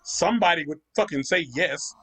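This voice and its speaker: A man's voice: on the high side, normal speed, a bit bright, breathy edge. A young man hosting a gaming channel, ranting profanely in casual chat while he plays. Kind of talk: casual chat over gameplay.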